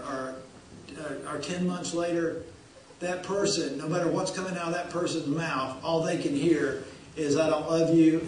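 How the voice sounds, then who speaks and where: High-voiced pastor in an echoey church. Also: male voice, a little hiss or hum. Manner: folksy, repeats phrases for emphasis. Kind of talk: sermon. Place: church sanctuary. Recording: very echoey church hall, distant.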